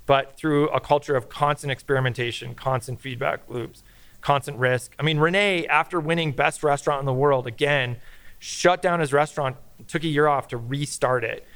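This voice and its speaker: A middle-aged man talking as a podcast guest, telling animated stories in casual chat and swearing freely. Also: on the high side, moderate pace, clean tone, dry recording.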